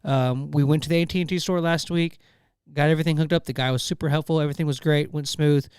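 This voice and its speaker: A man's voice: fairly high pitch, steady tone, quick pace, a little mellow, clean tone, dry recording, clean studio sound. A man, co-hosting a podcast and telling a long, rambling story full of fillers and restarts. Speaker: podcast co-host. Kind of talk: casual chat.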